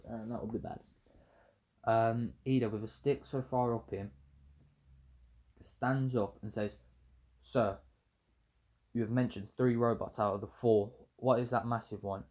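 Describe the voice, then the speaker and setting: A man's voice: medium pitch, a little mellow. A man tells a fan story in a loose, casual way. He rambles, stops to correct himself and swears freely, with a mid-range voice. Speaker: YouTuber telling a fan story.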